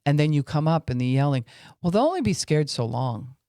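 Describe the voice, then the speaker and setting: A Christian podcast speaker gives an earnest faith-based teaching talk, acting out angry and weary voices to illustrate his points. His warm voice is fairly high and very animated, a little fast, captured in clean studio sound with no room noise.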